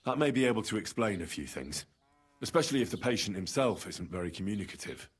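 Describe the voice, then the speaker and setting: A man voicing a young healer who speaks calmly and bargains shrewdly. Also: on the low side, quick pace, breathy edge. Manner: calm, persuasive, shrewd.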